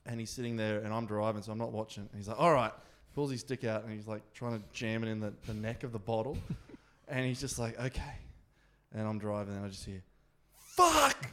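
A man's voice: fairly low pitch, level tone, fast, darkish tone, smooth. A man with an Australian accent telling a rambling anecdote in a casual chat, with plenty of swearing and restarts. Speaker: podcast co-host.

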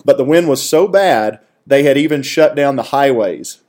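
A man joining in on a shared story in casual talk, calmly filling in details and chuckling now and then. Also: medium pitch, moderate pace.

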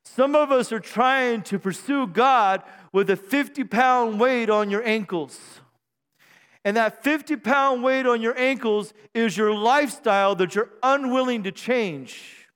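A middle-aged male pastor preaching a sermon on a church stage mic, joking and self-deprecating, then building to shouted praise. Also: very high-pitched, a little slow, smooth. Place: church sanctuary. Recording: long hall reverb in a church.

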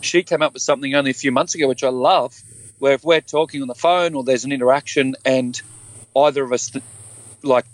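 A man's voice: mid-range voice, brisk, dry recording. An earnest man in his fifties, a guest telling stories from his own life and acting out the voices of the people in them. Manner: earnest, animated, acts out quoted dialogue. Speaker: guest, former police officer. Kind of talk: candid conversational storytelling.

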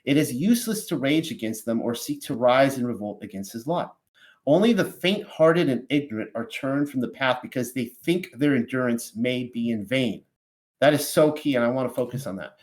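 A man who leads a study group as a minister, reading scripture aloud and explaining it in a conversational, rambling way full of asides. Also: mid-range voice. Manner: conversational, rambling with frequent "you know" asides.

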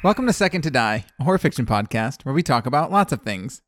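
A man's voice: mid-range voice, big pitch swings, fast, heavy background noise. A man co-hosting a casual horror podcast, talking in a rambling way and often correcting himself mid-sentence. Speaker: podcast co-host.

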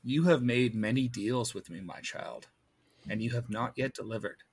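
Dark goddess, man doing the voice, quiet, low, ominous, tabletop game. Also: moderate pace, slightly rough, lightly acted. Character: dark demanding goddess, female, claiming souls.

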